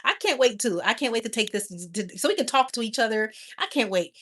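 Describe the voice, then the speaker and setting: A woman's voice: a little high, animated, fairly quick, fairly bright tone. A woman hosting a casual livestream, chatting affectionately with viewers and laughing often. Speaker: livestream host.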